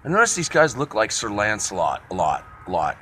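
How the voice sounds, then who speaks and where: A man's voice: lowish voice, brisk, slight background noise. A man from Encino, California, telling rambling, profane comic stories outdoors on a city street. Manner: animated, profane, digressive. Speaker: vlogger.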